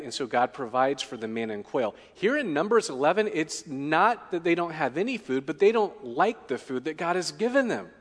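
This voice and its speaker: A male pastor with a slightly high voice, preaching in a chatty, questioning way. He tags his points with quick asides and leans into quoted lines. The sound carries the long reverb of a large hall. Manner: conversational preaching, frequent "right?" tags, dramatic voicing of quotes. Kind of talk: sermon.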